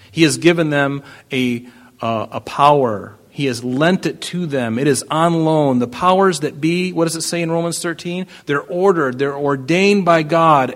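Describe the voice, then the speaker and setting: Emphatic man preaching. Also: on the high side. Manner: emphatic, rising to loud declarations, with rhetorical questions. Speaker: pastor. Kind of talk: sermon, reading and expounding scripture.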